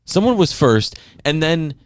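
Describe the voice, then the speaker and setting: A man's voice: fairly high pitch, very animated, unhurried, clean tone, dry recording, clean studio sound. Blunt, joking podcast man. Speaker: podcast co-host. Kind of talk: casual chat.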